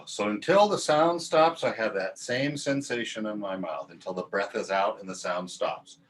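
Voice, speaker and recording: A man teaching a choir warm-up, talking through breathing and vowel sounds and demonstrating them in calm, instructive speech. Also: on the low side, normal speed, a little hiss or hum. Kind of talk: guided vocal warm-up lesson.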